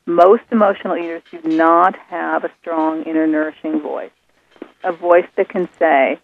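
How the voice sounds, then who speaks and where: Soothing woman on a phone line, gravelly. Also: sits low, normal speed. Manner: calm, soothing, patient teacher. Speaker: author and guest. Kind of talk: explaining on a radio call-in.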